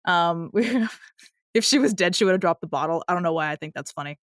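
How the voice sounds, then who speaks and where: A woman co-hosting a podcast in casual chat, talking over film lines and now and then quoting them in a higher voice. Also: animated, fairly quick, dry recording, studio quality. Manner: chatty, quotes film lines in bursts of higher pitch. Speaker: podcast co-host.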